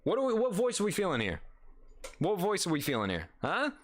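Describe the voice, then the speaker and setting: Goofy, lively gaming guy. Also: sits high, fairly quick. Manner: goofy, swearing, laughing, restless. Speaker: gaming video host. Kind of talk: casual gameplay commentary.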